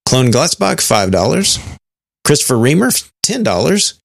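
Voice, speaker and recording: A man co-hosting a podcast in casual chat, talking in a halting way with many fillers and restarts. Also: medium pitch, sing-song, gravelly, dry recording, studio quality. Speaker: podcast co-host.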